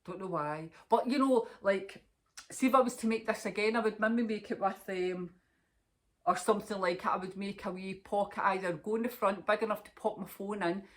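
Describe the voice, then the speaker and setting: A woman's voice: mid-range voice, normal speed. A woman hosting a knitting podcast, chatting casually and rambling on with gushing enthusiasm, filmed on her phone at home. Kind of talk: casual chat to camera.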